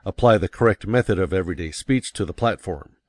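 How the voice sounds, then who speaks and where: Deep-voiced man reading an audiobook. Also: fast, a little mellow, no echo. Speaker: audiobook narrator. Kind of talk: scripted audiobook narration.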